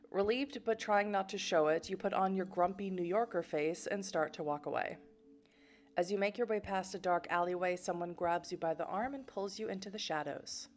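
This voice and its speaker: A woman from Boston streaming a game, reading its text aloud with chatty asides. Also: lowish voice. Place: home in Germany.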